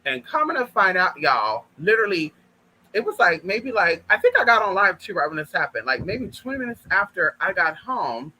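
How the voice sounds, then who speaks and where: A man telling a personal story to viewers in an animated, profane way, often calling them girl and y'all. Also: sits high, normal speed, breathy edge, poor audio. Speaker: vlogger. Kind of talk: casual storytime monologue.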